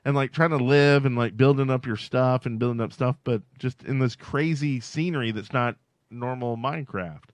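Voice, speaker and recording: With no room sound at all, the podcast co-host talks in a medium-pitched male voice at a moderate pace. His casual chat rambles, sprinkled with frequent "like" fillers.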